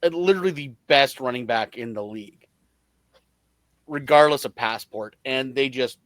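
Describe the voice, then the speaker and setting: A man co-hosting a podcast, chatting casually about football. He sounds animated and exasperated and laughs easily. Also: medium pitch, normal speed, no room sound. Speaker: podcast co-host. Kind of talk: casual sports chat.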